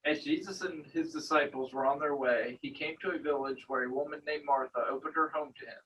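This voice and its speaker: Man reading scripture, bright tense voice, heard from a distance. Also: fairly high pitch, steady tone, brisk. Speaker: Bible study group member. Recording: distant room recording with faint noise.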